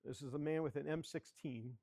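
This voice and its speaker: A man's voice: fairly high pitch, steady tone, fairly quick, creaky, warm tone. Chatty older man showing his photos. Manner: chatty storyteller, asking for the next slide. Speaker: guest speaker, photographer. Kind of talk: slideshow presentation to a club. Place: children's library area.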